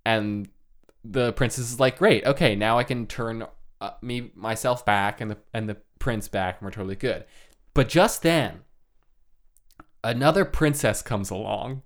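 A man's voice: fairly low pitch, unhurried. Laid-back man retelling a tale, lots of "like". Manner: loose, joking retelling full of "like" and laughs. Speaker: storyteller retelling a folk tale. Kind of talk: casual chat.

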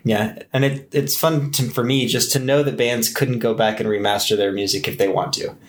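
A man's voice: mid-range voice, fairly even intonation, moderate pace. A man hosting a podcast, asking questions and adding chatty, thoughtful asides. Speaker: podcast host. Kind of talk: casual interview.

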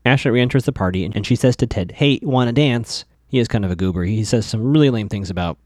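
A man's voice: lowish voice, racing, dark tone, dry recording, studio quality. A man casually recapping a TV episode, chatty, with lots of fillers, stammered restarts and asides to his listeners.

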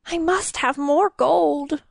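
A woman doing a high, volatile greedy king. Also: takes it slowly, gravelly, no room sound, full character voice. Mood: desperate. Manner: sobbing, raging, then pleading. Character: excitable, gold-obsessed middle-aged king.

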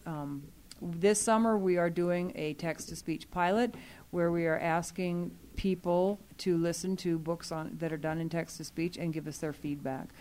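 Speaking to a user group, this library staff member explains an issue at a meeting earnestly, with many fillers. Her voice is fairly low and darkish, with a steady tone at a moderate pace.

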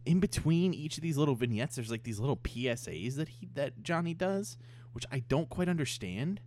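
A man's voice: mid-range voice, lively intonation, moderate pace, darkish tone. A young adult man co-hosting a podcast, talking casually about a cartoon episode with lots of "um" and "yeah". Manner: laid-back, frequent "um" and "yeah", laughs at jokes. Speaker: podcast co-host reviewing a cartoon. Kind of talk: casual chat.

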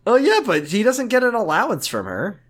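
A man co-hosting a podcast, recapping a show in casual comedic chat, rambling and quick to laugh. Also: high-pitched, wildly swooping pitch.

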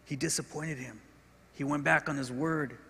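Pastor guy preaching in church, fairly high voice, gets loud then goes quiet, echoey hall. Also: fairly even intonation, normal speed, vocal fry, slightly rough. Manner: earnest preaching, rising in intensity and dropping to soft, repeated words. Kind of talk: sermon. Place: church sanctuary. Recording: hall reverb.

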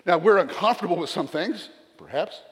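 A man's voice: high voice, animated, fairly quick, long reverb tail. An older man with a Southern accent, a retired pastor preaching a sermon in a church with folksy, joking asides.

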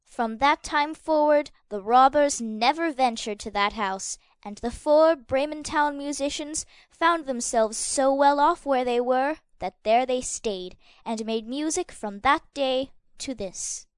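A woman narrating a fairy tale for an audio drama in a measured, expressive reading. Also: high voice, clean tone, no echo, clean studio sound. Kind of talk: scripted storybook narration.

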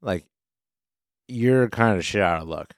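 On a fantasy football podcast, a male co-host with a lowish voice talks at a measured pace in loose, casual sports chat. He swears a little and leans on workplace analogies. The studio recording is dry and clean.

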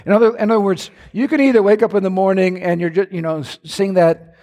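A man preaching a sermon in an animated way, his voice climbing to near-shouts. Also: sits high, fast. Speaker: pastor.

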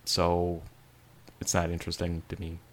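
Rambling casual man, slightly low voice. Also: moderate pace. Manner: rambling, frequent "like", animated storytelling. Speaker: podcast co-host reviewing a game. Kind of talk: casual chat.

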